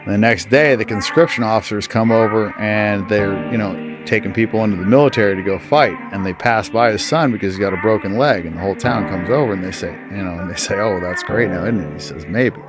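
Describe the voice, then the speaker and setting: A man calmly telling a parable in a casual way. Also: lowish voice, quick pace, hardly any pauses. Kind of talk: casual storytelling. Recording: clear music behind the voice.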